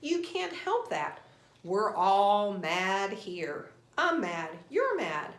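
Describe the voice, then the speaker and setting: A woman voicing a sly, teasing cat who talks in riddles for a storybook reading, with lively pitch. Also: drawn-out words, exaggerated voice. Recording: roomy echo.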